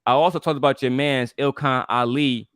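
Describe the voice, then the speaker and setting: A man's voice: medium pitch, steady tone, normal speed, fairly bright tone, clean tone, no room sound, studio quality. A man, co-hosting a stream and ranting bluntly with profanity. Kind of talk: casual streamer chat.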